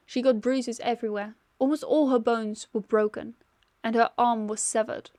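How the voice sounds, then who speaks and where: A woman's voice: a little high, a little mellow, no echo, lightly acted. A woman reading aloud and voicing a father who earnestly reveals a family secret.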